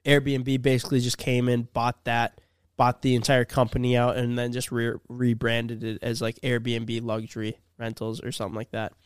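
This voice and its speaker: A young man spins a laid-back story in casual chat, acting out what people said. His voice is smooth and resonant, and the room sounds dry and close. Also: mid-range voice, monotone, normal speed, dry recording. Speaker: YouTuber.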